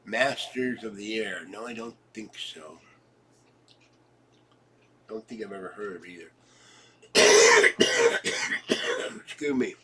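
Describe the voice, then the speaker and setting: A man's voice: fairly low pitch, huge pitch swings, slow pace, long pauses, bright, forceful tone, recorded from a distance, a little hiss or hum, low-quality recording. A congested man chatting casually for his home video, joking and chuckling as he rambles from topic to topic. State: congested, coughing. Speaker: vlogger.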